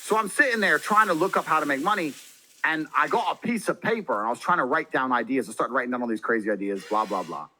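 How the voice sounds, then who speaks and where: A brash, boastful man telling a story as a podcast guest, swearing a lot and breaking into loud, excited bursts. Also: fairly high pitch, quick pace, a little hiss or hum, low-quality recording. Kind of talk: casual storytelling.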